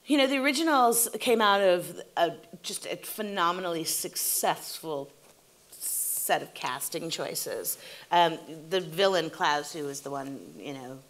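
A woman's voice: lowish voice, a little slow. A woman in her forties, a TV showrunner, telling stories in an onstage interview and acting out what people said. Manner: animated storytelling, acting out quotes. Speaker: TV showrunner and guest.

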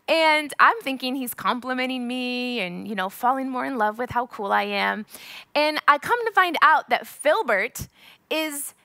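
A woman in her thirties preaches to young people in a high, bright voice. She speaks with animated emphasis and repeats phrases as she builds each point. The sound is close and dry. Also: no room sound. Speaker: youth pastor. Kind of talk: sermon with personal stories.

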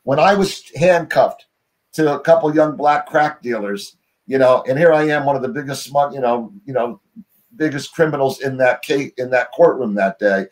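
A man's voice: medium pitch, moderate pace. Middle-aged american guy rambling through his story, lots of you know, restarts all over, on a call. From United States. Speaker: guest. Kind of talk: casual interview storytelling.

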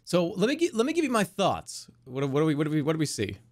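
A man chatting casually on a livestream, rambling and incredulous, quick to get worked up. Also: fairly high pitch, wildly swooping pitch. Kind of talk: casual stream chat.

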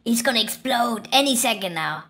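A woman's voice: on the high side, lively intonation, brisk, a bit bright, slight background noise. A woman hosting a reaction video, gasping, laughing and exclaiming at funny clips. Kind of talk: excited video reaction commentary.

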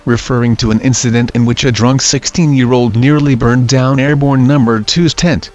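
A man reading scary stories aloud in a steady, even narration. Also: mid-range voice, moderate pace. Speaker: story narrator. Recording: dull lo-fi audio with faint music.

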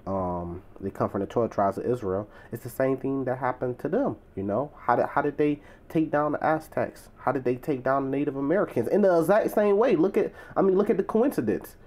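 A man's voice: mid-range voice, a little fast, hardly any pauses, darkish tone. Man giving an emphatic, chatty bible teaching. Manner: conversational, leans on "you know" and "right?"; swells to emphatic, preacherly stresses.

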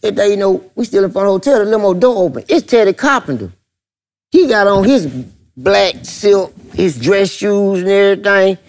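A man telling a story on a comedy podcast, animated and laughing as he acts out the people in it. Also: sits high, moderate pace. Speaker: guest comedian. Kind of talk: casual storytelling.

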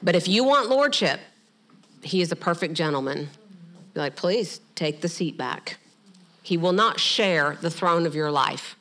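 A middle-aged woman pastor preaching a sermon, animated, with humorous asides and quick acted-out quotes. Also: on the low side. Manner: acts out quoted voices in passing.

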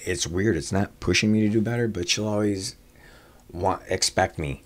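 A man's voice: sits low, normal speed. A man who runs restaurants, telling personal stories in a conversation, with lots of "uh" fillers and restarts. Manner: long anecdotes with frequent "uh" fillers and restarts; swears casually. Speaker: restaurateur guest.

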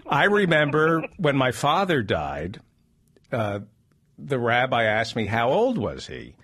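Husky man telling jokes, lively. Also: mid-range voice. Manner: animated joke-telling, quick asides. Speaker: host. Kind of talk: comedic podcast banter.

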